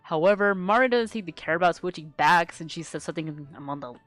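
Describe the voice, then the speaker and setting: A woman's voice: on the low side, brisk, soft background music. A woman streamer reading her own webcomic aloud, giggly and rambling, swearing casually. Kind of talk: casual live-stream commentary.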